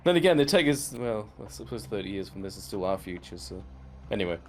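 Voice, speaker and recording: A podcast co-host recaps a cartoon episode in a rambling, casual way, dropping lots of fillers and the odd swear word and laughing as he retells scenes. His voice is on the low side, very animated and quick-paced.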